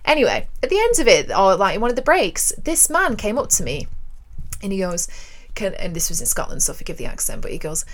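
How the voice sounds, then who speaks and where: A woman's voice: mid-range voice, wildly swooping pitch, fairly quick. A woman co-hosting a radio show in casual chat. She tells frank, self-mocking stories in an ordinary mid-range voice.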